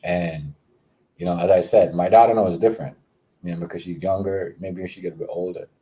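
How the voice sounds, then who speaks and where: A man hosting a casual livestream, rambling with many fillers and repeated words, giving shout-outs to viewers. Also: sits low, steady tone, fairly quick. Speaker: livestream host.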